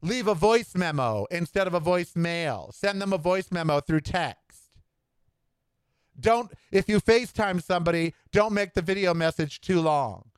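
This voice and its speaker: A man's voice: sits high, animated, normal speed, clear, resonant tone, no echo. A middle-aged man hosting a solo podcast, ranting in an indignant, sarcastic way. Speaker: podcast host. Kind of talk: solo opinion rant.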